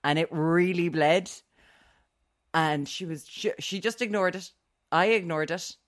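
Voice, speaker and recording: A woman's voice: fairly low pitch, fairly even intonation. Chatty woman in casual conversation. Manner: chatty, laughs along, quick reactions. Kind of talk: casual chat.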